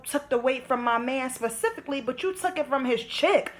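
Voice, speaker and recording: A young woman tells a story to her vlog audience. Her voice sits a little high. She talks casually and emphatically, in thick slang with plenty of fillers. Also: fairly quick, hardly any pauses, fairly bright tone. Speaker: vlogger.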